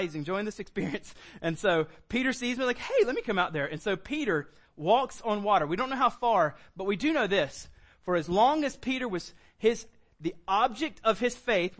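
High-voiced animated male preacher. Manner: animated preaching, acts out quoted lines with sudden high bursts. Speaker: pastor. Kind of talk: sermon.

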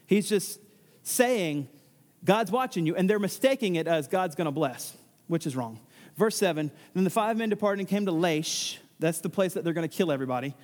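Man, pastor, high-pitched, conversational sermon, restarts and joking asides, echoing hall. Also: darkish tone. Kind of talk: expository sermon with scripture reading.

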